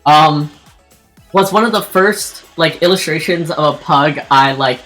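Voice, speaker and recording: A woman's voice: deep voice, measured pace, a bit bright, soft background music. A woman streamer telling a personal story in casual chat while drawing, rambling with lots of fillers and restarts. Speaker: streamer and artist.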